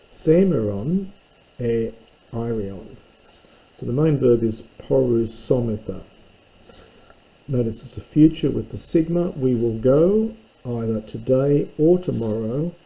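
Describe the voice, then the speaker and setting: Slow, gravelly, dark-voiced male teacher. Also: mid-range voice, poor audio. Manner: thoughtful, pauses with fillers while translating. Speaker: Greek teacher. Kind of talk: slow translation lesson.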